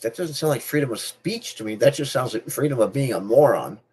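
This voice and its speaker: Speaking a little fast with a medium-pitched, expressive, slightly mellow voice, a middle-aged channel host talks casually and personally to camera, with slight background noise. He has a speech difference rather than a stutter, so he repeats and restarts phrases along the way.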